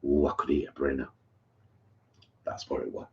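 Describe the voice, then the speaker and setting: A man chats on a live stream, wandering through stories in a relaxed, talkative way. The sound is muffled and lo-fi. He is a co-host, not a presenter reading a script. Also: rumbling low, normal speed, vocal fry. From England. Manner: chatty, storytelling. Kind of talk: casual live-stream chat. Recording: dull lo-fi sound.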